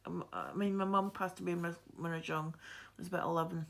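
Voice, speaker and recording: Chatty Scottish woman with a gravelly voice. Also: on the low side, steady tone, quick pace. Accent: Fife Scottish. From Scotland. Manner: rambling, laughs often, many fillers and restarts. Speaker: cross-stitch vlogger. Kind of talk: chatty storytelling while stitching.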